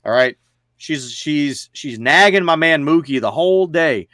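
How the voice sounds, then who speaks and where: A man's voice: fairly high pitch, lively intonation, measured pace, sharp tone, no room sound, studio quality. A man co-hosting a casual movie review podcast, talking in a blunt, joking, emphatic way. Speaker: podcast co-host.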